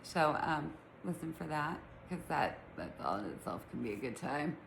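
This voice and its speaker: A woman's voice: low-pitched, very animated, moderate pace, gravelly, roomy sound, slight background noise, poor audio. A middle-aged woman with a Utah accent and a lisp, chatting casually and rambling to her viewers from home. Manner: chatty, rambling, self-teasing. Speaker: vlogger. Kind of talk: casual chat to camera. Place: room at home with pets.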